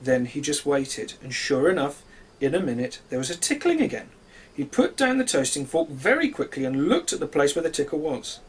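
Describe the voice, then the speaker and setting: A man reading a children's storybook aloud in a gentle, expressive way. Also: on the high side, moderate pace, husky.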